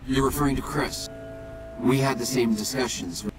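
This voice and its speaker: A calm, earnest ghoul leader, voiced by a man speaks in a measured, solemn way. It is quiet game audio with clear music playing behind him. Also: medium pitch, close to an everyday voice.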